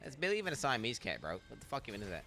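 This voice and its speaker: A man's voice: medium pitch, very fast, loud music behind the voice. A young man streaming, chatting casually and rambling with lots of swearing as he reacts to videos. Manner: profane, rambling, animated. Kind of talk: casual chat.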